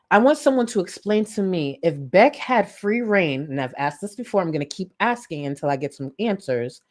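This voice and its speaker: A woman hosting a live-stream commentary, incredulous and animated, thanking viewers for donations between points. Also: deep voice. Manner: animated, incredulous, thanks chat donors warmly. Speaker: commentary YouTuber.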